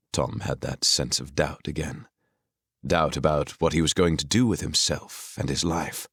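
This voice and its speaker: A man narrating a fantasy audiobook with expressive storytelling on a close studio mic. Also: very deep voice, normal speed, husky, dry recording. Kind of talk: scripted narration.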